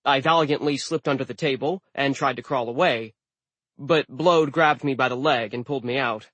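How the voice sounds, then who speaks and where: A man reads a first-person novel aloud in scripted narration, mid-pitched and even. His delivery is wry and deadpan. The recording is dry and close. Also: moderate pace, dry recording. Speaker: audiobook narrator.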